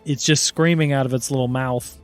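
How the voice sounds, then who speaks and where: Playful dad narrating a tabletop game. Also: male voice, medium pitch, fairly even intonation, fairly quick, faint music behind. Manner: playful, laughs easily while narrating. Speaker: game master.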